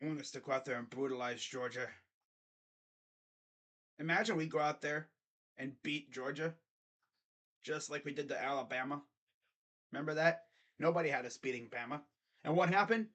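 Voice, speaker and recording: Young male sports streamer, high voice, rambling and jokey, casual live reaction. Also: normal speed, long pauses. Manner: animated, rambling, jokey with mocking asides. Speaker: sports channel host.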